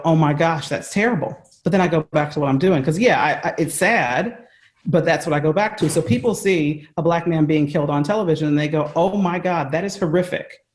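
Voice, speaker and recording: A woman's voice: low-pitched, a little mellow, reverberant. An American woman, a leadership coach, giving earnest, emphatic answers with examples on a video call. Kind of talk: conversational interview answer.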